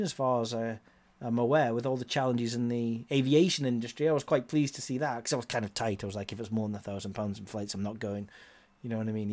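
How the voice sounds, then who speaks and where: A man's voice: medium pitch, a little mellow. A middle-aged man hosting a podcast, talking in a casual, rambling way with many fillers and restarts. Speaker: podcast host.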